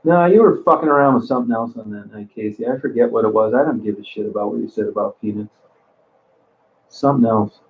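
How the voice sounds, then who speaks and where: A man's voice: fairly low pitch, fast talker, a little hiss or hum. A man hosting a casual livestream, talking bluntly and crudely to viewers as he reads their comments. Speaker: livestream host. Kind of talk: casual live chat reading comments. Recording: tinny phone-like sound.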